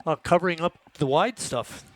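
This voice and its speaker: A man doing play-by-play for a high school football game, relaxed and folksy with many fillers. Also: moderate pace. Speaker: play-by-play announcer.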